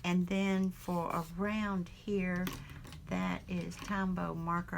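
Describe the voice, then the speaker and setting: A woman with a Southern US accent chatting casually while she crafts in her home craft room. She rambles, chuckles often and fills her pauses with ums. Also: lowish voice, little pitch movement, creaky, noisy background. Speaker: craft vlogger.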